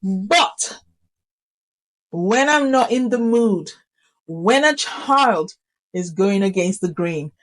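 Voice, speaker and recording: A middle-aged woman teacher talks to camera about keeping order in a classroom, her voice sitting at an ordinary middle pitch. She is animated and emphatic, leaning hard on key words and repeating short phrases to drive each point home. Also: takes it slowly, long pauses, low-quality recording. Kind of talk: instructional talk to camera.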